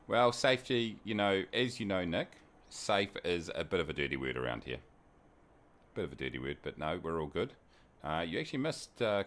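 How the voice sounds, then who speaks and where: A man's voice: low-pitched, fairly bright tone. A man with a New Zealand accent, hosting a flight-sim live stream in casual, jokey chat and greeting viewers by name. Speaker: flight sim livestream host.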